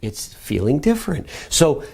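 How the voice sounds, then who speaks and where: Recorded on a camera mic, this middle-aged man coaches a personal growth lesson for a web show, firing off energetic commands again and again. He speaks a little slowly, his somewhat high voice ranging widely in pitch, with vocal fry and a breathy edge.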